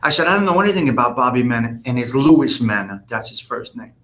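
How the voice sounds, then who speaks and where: A man's voice: mid-range voice, expressive, fast, fairly bright tone. A man hosting a casual live stream, answering viewers' comments by name in a blunt, profane, rambling way.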